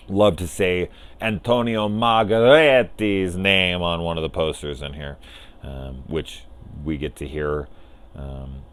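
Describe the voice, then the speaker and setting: A man's voice: low-pitched, smooth. A man casually rambling through a spoiler discussion of a film as a reviewer, enthusiastic and swearing freely.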